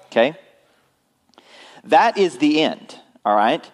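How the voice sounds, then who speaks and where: A man's voice: a little high, very animated, slow. Male pastor, conversational sermon delivery, frequent check-ins with the congregation. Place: church.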